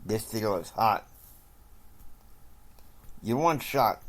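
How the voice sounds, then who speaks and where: A man voicing a smooth-talking land-deal broker with pushy salesman patter. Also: on the low side, expressive, drawn-out words.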